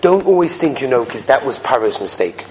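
A man's voice: mid-range voice, sing-song, fairly quick, darkish tone, slight background noise. A man giving a sermon, telling stories and acting out the people in them, with Hebrew and Yiddish terms mixed in. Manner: storytelling, acts out the people in his stories. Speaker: rabbi giving a weekly Torah talk.

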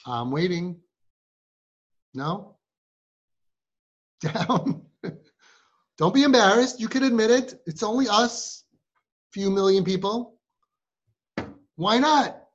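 Pitched high and expressive, this man takes his time, leaving long pauses. He's a family guide giving a live talk to a group of girls who are siblings, throwing rhetorical questions their way, and the audio is muffled.

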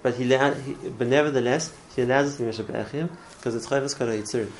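A man's voice: medium pitch, steady tone, fast, a little hiss or hum, rough recording. A man teaching a religious class in an earnest way, often repeating words and restarting his phrases. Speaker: Torah teacher.

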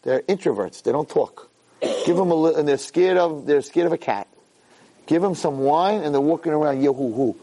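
A man, a rabbi, teaching a Torah class to a room of listeners, reading Hebrew source lines and translating them with lively asides. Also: a little high, normal speed. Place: room with a live audience.

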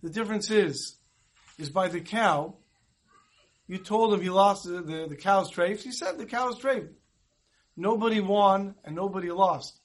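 High-voiced rabbi telling a story. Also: male voice, a little slow. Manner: conversational, mixes Hebrew and Yiddish terms. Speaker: rabbi teaching a Torah class. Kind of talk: storytelling sermon.

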